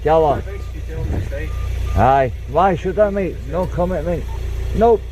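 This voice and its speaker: Man, Scottish accent, rambling, defiant, swearing, slightly high voice, noisy street sound, caught on a body camera. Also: animated, slow, dull audio. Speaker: man being arrested. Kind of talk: argumentative street exchange. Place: street outdoors.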